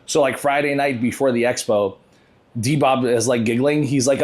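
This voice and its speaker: A man's voice: medium pitch, steady tone, moderate pace, a little mellow. A young man hosting a casual podcast, joking loosely, swearing and laughing often. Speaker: podcast host.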